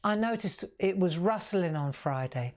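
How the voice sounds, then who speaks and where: A woman's voice: fairly low pitch, lively intonation, moderate pace, a little mellow. A woman hosting a live colouring tutorial from her craft room, chatty and demonstrative, talking into a lapel mic. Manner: chatty, demonstrative, laughs at herself. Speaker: crafting livestream host.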